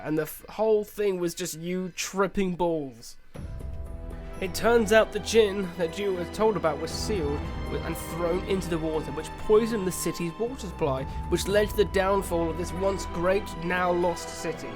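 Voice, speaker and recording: High-voiced excitable male game reviewer. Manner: excitable, animated reactions.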